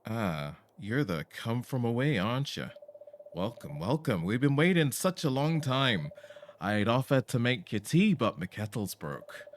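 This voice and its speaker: A man's voice: mid-range voice, a bit bright, slight background noise, pitched above the performer's own voice. A man voicing a cheerful young male fisherman villager in a put-on vague rural British accent, folksy and welcoming.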